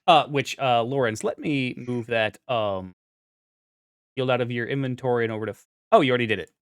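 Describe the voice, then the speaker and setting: A man's voice: medium pitch, fairly quick, clear, resonant tone, no room sound. Dry-voiced man running a tabletop game. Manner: rambling, many fillers and restarts. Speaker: game master.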